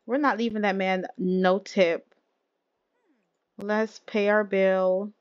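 A woman chats her way through a life-simulation game, laughing often and talking to her viewers like friends. Her voice sits at an ordinary middle pitch. The recording has a slightly muffled, lo-fi sound. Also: flat delivery, slow. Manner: chatty, laughing, addresses viewers as y'all. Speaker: let's play host. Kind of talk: casual game commentary.

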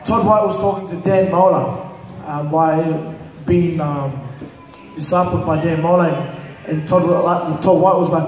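Male pastor, fairly high voice, loose chatty preaching, recorded from afar in a big reverberant hall. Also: steady tone, unhurried, a little mellow. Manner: conversational, many fillers, retells stories with quoted voices. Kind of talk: church teaching. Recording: echoey hall, distant mic.

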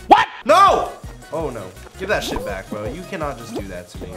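A young man giving excitable live gameplay commentary, trash-talking and yelling in bursts. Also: medium pitch, a little fast. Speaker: gaming YouTuber. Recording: music playing behind.

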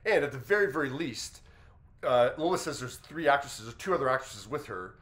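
Male commentator, fast delivery, mid pitch, measured reasoning. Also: lively intonation, fairly bright tone. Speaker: commentary host. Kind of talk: news commentary.

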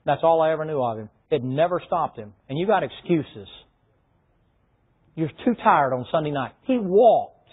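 Husky-voiced preacher, tinny sound. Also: male voice, a little high, expressive, moderate pace. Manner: folksy, shouting in bursts. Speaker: pastor. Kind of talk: sermon.

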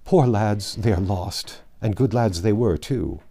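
A man's voice: fairly low pitch, unhurried, dark tone. A man reading aloud voices a frightened, downtrodden peasant charcoal burner who speaks in hesitant, then earnest, old-fashioned words. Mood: fearful.

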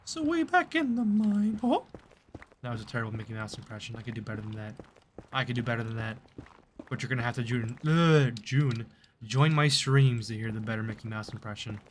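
This streamer's live commentary comes quickly in a lowish, flat voice as he plays at his computer desk. He's chatty and mocks himself, even addressing the game's creatures, while slight background noise is audible.

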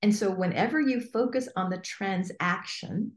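At normal speed and in a mid-range voice, a female coach speaks as an interview guest. She's lively and emphatic, regularly playing out imagined inner voices, with a roomy sound around her.

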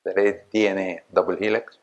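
An older man giving an academic lecture in a slow, halting way with many fillers, sometimes asking the audience questions. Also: low-pitched, fairly even intonation, rough recording. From Egypt.

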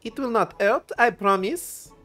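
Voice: medium pitch, measured pace, fairly bright tone, faint music behind, voice pushed up, natural voice. A streamer voicing a flirty French woman attendant from a game, with a put-on French accent and a teasing, sing-song manner. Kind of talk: reading game dialogue aloud.

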